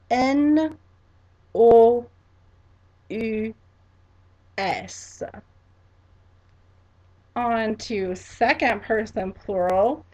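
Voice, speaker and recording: Woman, teacher, slow and unhurried, patient, spells words out letter by letter, repeats for the class. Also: medium pitch. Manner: repeats each word for students to echo. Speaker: French teacher. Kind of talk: classroom lesson.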